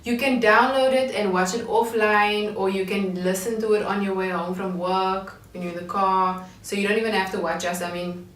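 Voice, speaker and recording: A woman's voice: mid-range voice, fairly even intonation, normal speed, a bit bright. Chatty woman hosting. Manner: laughing, chatty, self-conscious. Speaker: host. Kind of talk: casual chat. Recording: roomy distant mic with faint noise.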